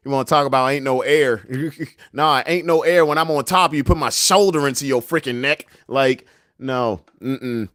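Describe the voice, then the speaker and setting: A man's voice: medium pitch, expressive, moderate pace, a bit bright, dry recording, studio quality. A young man hosting a casual livestream, reading the chat and memes aloud, joking and laughing often in a laid-back way. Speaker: livestream host.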